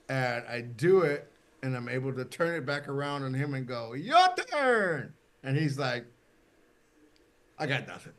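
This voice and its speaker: A middle-aged man, a podcast guest, telling a stage anecdote in casual chat and acting out the voices he quotes. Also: on the high side. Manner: animated anecdote teller, acts out quoted voices.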